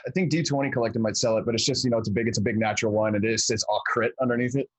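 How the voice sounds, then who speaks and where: A man's voice: mid-range voice, steady tone, rapid-fire, no echo. A man chatting casually on a tabletop game podcast, laid-back and swearing often. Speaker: player.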